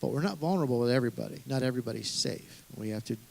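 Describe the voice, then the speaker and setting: A man's voice: mid-range voice, animated, racing, gravelly. A middle-aged man, a pastor, giving an earnest, conversational sermon, often restarting his sentences.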